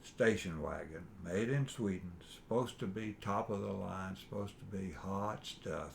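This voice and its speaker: An older man, reminiscing in a halting, rambling way with fillers while his son interviews him. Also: low voice, vocal fry, slight background noise. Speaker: father being interviewed. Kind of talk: casual family interview.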